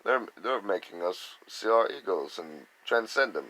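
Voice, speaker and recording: A man's voice: low voice, lively intonation, unhurried, bright, forceful tone, a little hiss or hum, low-quality recording. A man giving a rambling, casual spiritual talk, acting out other people's reactions in quoted voices. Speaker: spiritual speaker.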